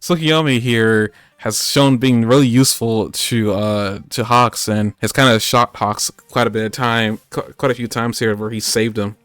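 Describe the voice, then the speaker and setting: A man's voice: mid-range voice, steady tone, normal speed, hardly any pauses, a bit bright, clear, resonant tone, dry recording, faint music behind. A man co-hosting a podcast, recapping an anime episode in casual, rambling chat with lots of fillers and jokes. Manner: rambling, joking, many fillers. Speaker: podcast co-host.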